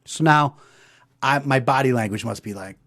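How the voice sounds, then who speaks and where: A man hosting a podcast, telling a story in a lively, profane way and putting on voices. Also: medium pitch, normal speed. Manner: animated storyteller doing voices, swears freely. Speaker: podcast host. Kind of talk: storytelling chat.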